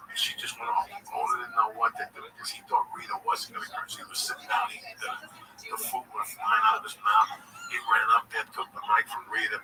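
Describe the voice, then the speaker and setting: A man's voice: medium pitch, wildly swooping pitch, fairly quick. A man, a comedian, telling a rambling, profane story in casual chat. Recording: distant mic with background noise.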